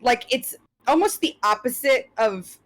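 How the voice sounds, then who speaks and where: A woman's voice: fairly high pitch, expressive, measured pace. Woman game master, rambling description. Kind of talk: narrating a tabletop game.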